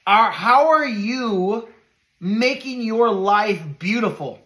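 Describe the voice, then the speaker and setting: A middle-aged man hosts a motivational podcast, talking earnestly in a preacher-like style. He sinks into soft, reflective lows and climbs to emphatic highs.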